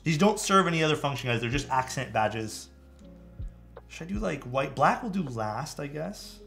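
Chatty male streamer, lively pitch. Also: normal speed, creaky, soft background music. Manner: chatty, thinks aloud, answers chat. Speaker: streamer building a keyboard. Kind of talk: casual live-stream chat.

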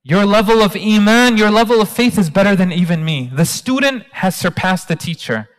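A man's voice: high voice, expressive, moderate pace. A man voicing a wise old monk and secret teacher, speaking in a solemn, fatherly way. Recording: long hall reverb.

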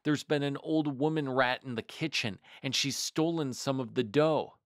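A man's voice: mid-range voice, normal speed, dry recording, studio quality, lightly acted. A man reading aloud and voicing a scared little girl kitten crying out to her mother. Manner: crying out, upset.

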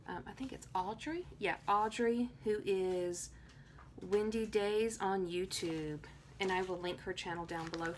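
A woman from Tennessee gushing excitedly as she opens happy mail at home in a casual vlog. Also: medium pitch, unhurried, a little hiss or hum. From Tennessee, USA. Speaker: planner vlogger.

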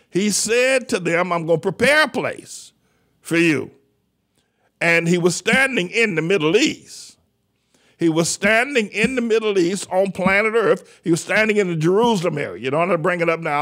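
A man preaching a teaching sermon, emphatic, repeating phrases for stress, his pace slowing and then rushing. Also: fairly high pitch, fairly bright tone. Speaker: pastor.

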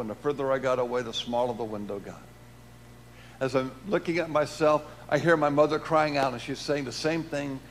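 Man preaching a dramatic personal testimony. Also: slight background noise. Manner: storytelling, swings from loud emphasis to hushed low tones. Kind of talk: testimony sermon.

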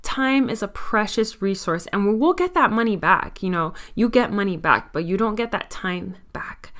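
A woman with a Miami accent hosts a solo podcast in a casual, chatty way. Her voice is smooth and clear, at a middle pitch, and she pokes fun at herself as she talks. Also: lively intonation, moderate pace, a bit bright. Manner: chatty, candid and self-mocking. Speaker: podcast host.

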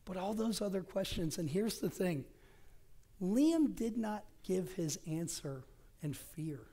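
A middle-aged man preaches as associate pastor in a church sanctuary, alternating between loud outbursts and hushed, whispered phrases. He has a high-pitched voice with lively intonation and takes his time.

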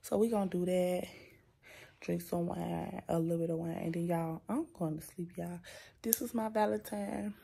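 A woman's voice: on the low side, steady tone, normal speed, creaky, mellow, breathy edge. A young woman and mother in a casual vlog chat, talking to her viewers in a chatty way and often calling them y'all. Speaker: vlogger and mother.

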